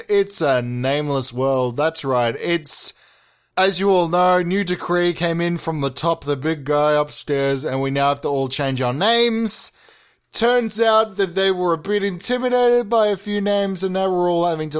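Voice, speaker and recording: A lovesick, fish-obsessed fisherman, as a young man puts him on, talking in a loose, rambling comedy monologue. The voice sits a little high for a man and swings from deadpan to melodrama. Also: clean tone. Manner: rambling, deadpan, bursts into overblown drama. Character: earnest, melodramatic male fisherman obsessed with the big catch. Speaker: podcast host.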